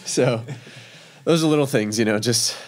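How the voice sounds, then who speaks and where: A man's voice: lowish voice, moderate pace, a crowd in the background. A man, a professional chef from Texas, telling stories in a casual interview, chatty and laughing, with many fillers.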